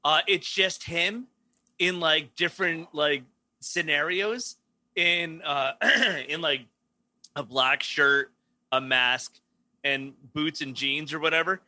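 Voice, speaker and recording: A man's voice: on the high side, slow pace, pushed and bright, no room sound. A man co-hosting a casual comedy podcast, telling stories with lots of swearing and laughter, acting out quotes. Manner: profane, laughing, storytelling with acted-out quotes. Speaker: podcast co-host.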